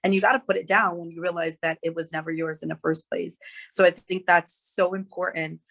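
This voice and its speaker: Panel moderator, monotone, gravelly edge, measured summaries. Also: medium pitch.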